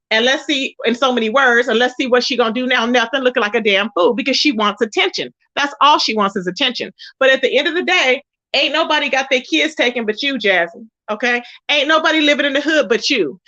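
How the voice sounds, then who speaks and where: Sassy high-voiced woman gossip host. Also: bright, forceful tone. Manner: sassy, emphatic, mimics others in a raised voice. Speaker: YouTube commentary host. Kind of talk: casual gossip commentary livestream. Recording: dull lo-fi sound.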